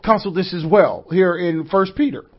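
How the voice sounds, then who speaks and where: A man with a high voice preaches a sermon, calling out to his congregation for answers and building into shouts. The recording is dull and lo-fi. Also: normal speed. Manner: call-and-response preaching, rising to shouts. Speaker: pastor.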